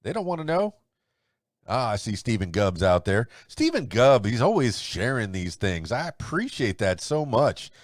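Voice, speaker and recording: A man's voice: mid-range voice, big pitch swings, normal speed, no room sound, clean studio sound. A man hosting a solo podcast, rambling and chuckling as he chats and then runs through the day's news. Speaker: podcast host.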